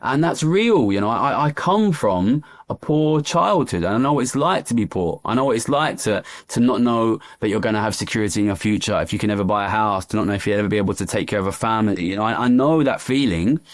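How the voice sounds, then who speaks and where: A fairly low, expressive voice from East London, he talks at a quick pace with hardly any pauses. He's an economist in a candid interview, speaking passionately and repeating phrases for emphasis.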